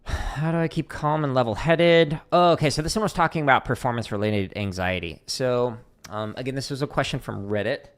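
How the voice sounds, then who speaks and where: A man's voice: mid-range voice, brisk, smooth. Chatty man explaining drum strokes. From Arizona, USA. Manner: relaxed, chatty, many fillers, counts strokes aloud. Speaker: drum teacher streaming Q&A. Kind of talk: casual livestream teaching.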